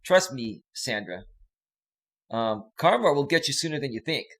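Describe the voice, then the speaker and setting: A man's voice: mid-range voice, sing-song, normal speed, a bit bright. A man hosting a casual live stream as a life coach, joking with viewers and greeting them by name.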